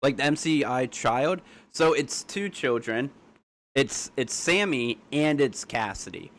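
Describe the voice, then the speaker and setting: Young male streamer, blunt and argumentative, rapid casual chat. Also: mid-range voice, animated, fairly bright tone. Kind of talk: casual live-stream talk.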